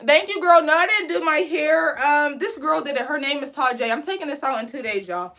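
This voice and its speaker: A young woman from Pittsburgh with a high, bright-toned voice runs a casual live braiding lesson. She chats freely with her viewers, reads their comments aloud and laughs easily as she works. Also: brisk, hardly any pauses. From Pittsburgh, USA. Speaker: braiding instructor hosting a live stream. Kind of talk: casual live-stream tutorial.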